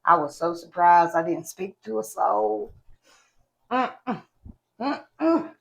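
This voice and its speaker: A woman's voice: on the low side, steady tone, moderate pace, gravelly, low-quality recording. A woman from West Virginia with an Appalachian Southern accent, chatting casually at home while reviewing products, folksy and talkative, calling viewers y'all. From West Virginia, USA. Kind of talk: casual chat to camera.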